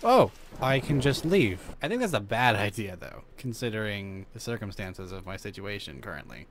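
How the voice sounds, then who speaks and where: A man streaming a horror game, talking to himself, swearing and yelling at the game as he plays. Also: on the low side, big pitch swings, moderate pace, hardly any pauses, a little hiss or hum. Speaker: gaming streamer. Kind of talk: let's play commentary.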